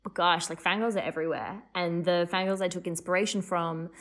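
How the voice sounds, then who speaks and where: A young adult woman, a playwright and composer chatting in an interview, talking fast and loose with lots of fillers and restarts. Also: fairly low pitch, steady tone, a bit bright. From Australia. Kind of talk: casual interview chat.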